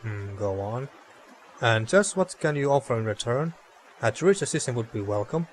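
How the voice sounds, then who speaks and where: A man's voice: medium pitch, expressive, moderate pace, slight background noise. A man hosting a let's play, reading game text aloud and chatting casually, often tripping over words and swearing. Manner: stumbling over words, loose and profane.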